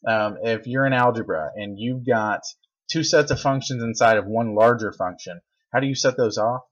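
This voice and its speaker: Joking teacher in a lo-fi lecture video. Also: male voice, mid-range voice, normal speed. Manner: animated, joking, exasperated asides. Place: at a desk. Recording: dull lo-fi recording.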